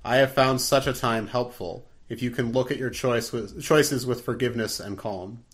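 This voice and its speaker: A man reading a calm Jedi master. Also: mid-range voice, normal speed, close to an everyday voice. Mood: calm firm. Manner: gentle, firm reading aloud. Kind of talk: reading a novel aloud.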